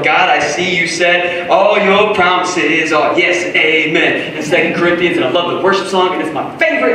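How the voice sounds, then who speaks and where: A man preaching a sermon to a congregation, animated, swinging between shouted lines and hushed asides. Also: a little high, a little hiss or hum. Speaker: pastor. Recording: echoey hall, voice from far off.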